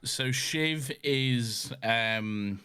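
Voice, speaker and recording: A man's voice: medium pitch, drawn-out words, sharp tone, smooth. A man co-hosting a podcast, chatting casually and emphatically, swearing often with rhetorical asides. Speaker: podcast co-host. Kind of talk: casual chat.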